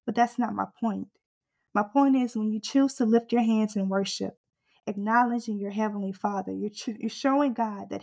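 A woman's voice: medium pitch, moderate pace, vocal fry, darkish tone. A woman preaching a sermon with fervent, rhythmic exhortation that builds in intensity through repeated refrains.

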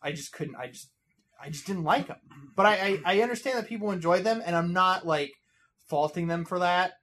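A man with a high, bright, sharp voice in casual podcast chat. He stops and restarts often, repeating words as he works through what he thinks. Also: fairly quick. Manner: hesitant, repeats words when giving opinions. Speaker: podcast co-host.

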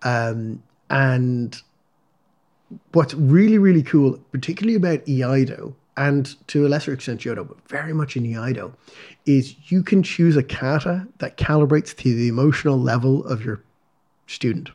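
This is a man who teaches martial arts, talking on a relaxed podcast. His voice has a gravelly fry. He speaks thoughtfully but with real animation and drops in frequent ums. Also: mid-range voice, moderate pace. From Ireland. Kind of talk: casual podcast conversation.

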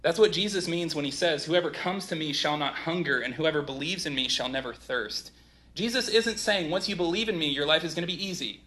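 A man in his thirties giving a sermon as pastor, talking in a casual, animated way with many asides. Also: on the high side, brisk.

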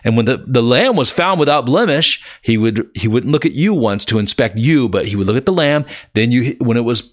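A man's voice: mid-range voice, expressive, fairly quick. A man teaching a Bible lesson in a conversational, storytelling way, often repeating words and calling his listeners "you guys". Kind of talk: sermon-style Bible teaching.

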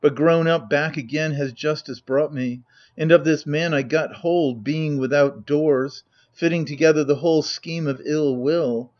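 A man reading the lines of a gloating usurper in a proud, measured declaiming manner. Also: on the high side, darkish tone, lo-fi sound, close to an everyday voice. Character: gloating usurper, avenger of his father.

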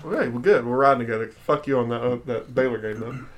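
A man's voice: medium pitch, fast talker. A man co-hosting a casual chat, hesitant with many fillers and casual swearing. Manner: hesitant, filler-heavy, profane. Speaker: podcast co-host.

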